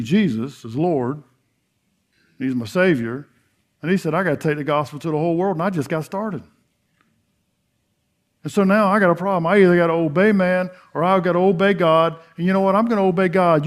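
With a fairly high-pitched voice, a middle-aged pastor preaches a sermon, giving a folksy telling of a Bible story and acting out what the characters say. He swings between loud emphasis and hushed earnestness.

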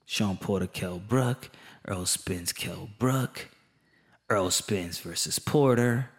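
A man's voice: deep voice, unhurried. A man giving an opinionated monologue, emphatic and passionate, repeating his points in casual slang. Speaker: boxing commentator. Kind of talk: opinionated boxing commentary monologue.

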